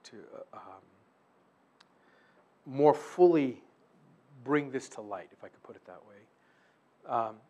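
A man preaching a sermon, swinging between loud emphatic bursts and soft drops, and acting out imagined prayers and voices. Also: medium pitch, expressive, slow pace, long pauses. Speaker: pastor.

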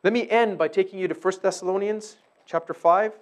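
A middle-aged man preaching a sermon as a pastor, swinging between loud emphasis and hushed, quiet stretches. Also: high-pitched, brisk.

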